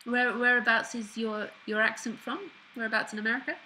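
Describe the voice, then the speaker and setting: A woman with a bright, clear voice talks through spiritual ideas with a caller. She is playful and direct, laughing easily as she speaks. A faint background noise sits under the call. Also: a little high, fairly quick, rough recording. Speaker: spiritual teacher hosting a call-in talk. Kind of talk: casual spiritual dialogue.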